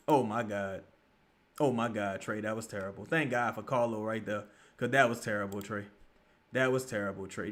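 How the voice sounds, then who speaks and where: A man giving profane, excitable live commentary while he watches a basketball game, often shouting at plays. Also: medium pitch. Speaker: live-reaction streamer.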